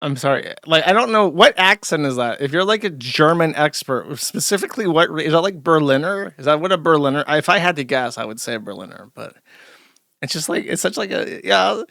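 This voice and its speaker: Male stream host, gravelly voice, dry sound, sardonic rambler. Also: a little high, animated, fairly quick, bright, forceful tone, no echo. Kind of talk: casual live-stream commentary.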